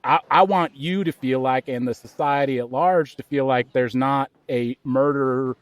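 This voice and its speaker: A man's voice: moderate pace, dry recording, natural voice. A man playing a lazy, bumbling police officer who rambles and stammers in an improv comedy scene. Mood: flustered. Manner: rambling, stammering, jumping up in pitch.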